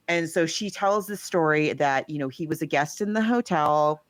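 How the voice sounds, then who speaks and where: Low-voiced woman retelling a film. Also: normal speed, few pauses, no room sound. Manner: rambling storyteller who acts out quotes. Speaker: podcast co-host. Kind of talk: casual chat, retelling a film plot.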